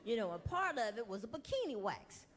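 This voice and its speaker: A woman doing a stand-up set with animated, indignant storytelling that bursts into yelling. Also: fairly high pitch, a little fast. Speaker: stand-up comedian. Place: large comedy venue before audience. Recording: big hall with roaring audience.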